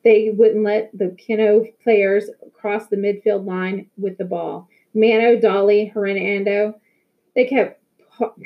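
A woman reads a novel aloud in first person at a middle pitch, telling the story in a lively way. The sound is dull and lo-fi. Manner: lively storytelling, occasional restarts. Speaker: audiobook reader.

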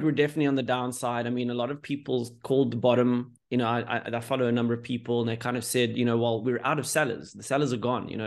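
Enthusiastic podcast host, mid-pitched man. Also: vocal fry. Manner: enthusiastic, rambling questions, constant "mm" backchannels. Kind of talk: podcast conversation.

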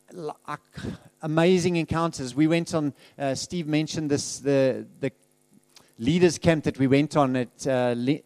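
Middle-aged preacher, slightly high voice, dry close sound; candid, chatty church testimony with frequent laughs and restarts. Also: male voice, darkish tone, no room sound. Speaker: guest speaker in a church. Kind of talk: conversational testimony sermon.

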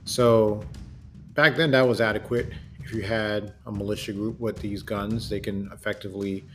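Low-voiced earnest man hosting. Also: fairly even intonation, a bit bright, soft background music. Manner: earnest, deliberate, with frequent fillers and self-corrections. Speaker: podcast host. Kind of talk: solo commentary. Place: home in Germany.

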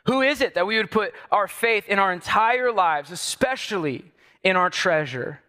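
Man, pastor giving a sermon; high, bright voice, conversational and building to emphatic repeated lines. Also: expressive, normal speed. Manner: conversational preaching with asides to the congregation.

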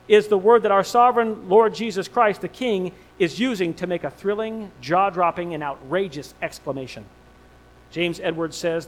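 A man preaching a sermon, swinging between hushed low lines and loud emphatic rises, with much repetition. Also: rough recording. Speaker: pastor.

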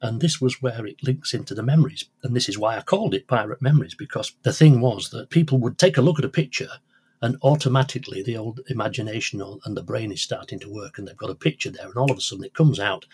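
A man's voice: mid-range voice, fast, a little mellow, breathy edge. An older man, a radio presenter and collector, telling rambling anecdotes in an interview with many restarts. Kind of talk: conversational interview storytelling.

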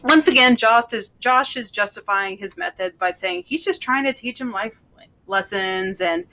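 A woman's voice: mid-range voice, expressive, moderate pace, sharp tone. A woman with a mid-range voice talks casually with a friend while going over a show. She reads quotes aloud and reacts bluntly with exasperated groans. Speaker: co-host recapping a show. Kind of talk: casual chat.

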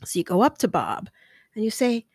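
A middle-aged woman talks casually into a close mic, chatty and animated. Her voice sits in a middle register and the sound is dry, with no room around it. She slips into higher voices to act out little scenes. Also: normal speed, dry recording. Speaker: podcast host. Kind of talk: casual advice talk.

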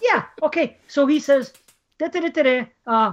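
A woman's voice: sits high, lively intonation, fairly quick, muffled recording. A woman co-hosting a podcast in casual chat, swearing freely and ranting in exasperation. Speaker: podcast co-host.

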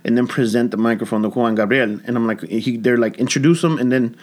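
Casting: male comedian, mid-pitched, lively loose storyteller, lots of swearing and acted-out quotes. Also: fast. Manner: animated, swearing, acts out quoted voices. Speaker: comedian and guest. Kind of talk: casual storytelling chat.

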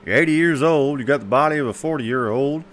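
A man's voice: medium pitch, fairly quick, a bit bright, a little hiss or hum, voice pushed up, lightly acted. A man voicing a chatty, folksy family doctor. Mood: puzzled. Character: friendly family doctor, middle-aged man.

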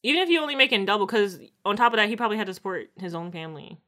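Woman podcast co-host, casual recap chat, bright tone, animated delivery. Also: mid-range voice, rapid-fire. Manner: animated, laughing, acts out quoted lines.

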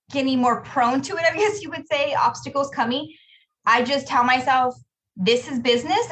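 A woman's voice: on the high side, poor audio. A woman who owns a business, telling a story in a casual podcast conversation and quoting herself as she goes. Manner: storytelling, animated, quotes herself. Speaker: business owner, podcast co-host.

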